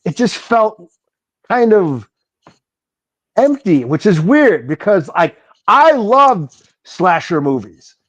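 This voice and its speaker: A man co-hosting a podcast in a relaxed, easygoing way with casual slang. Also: sits high, slow, long pauses, no room sound. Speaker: podcast co-host. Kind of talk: casual chat.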